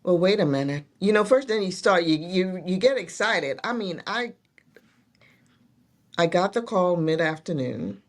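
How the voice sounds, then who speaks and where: A woman's voice: lowish voice, expressive, a little slow. A middle-aged woman, a guest in a casual interview, telling her story earnestly with many restarts. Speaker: guest, nurse executive.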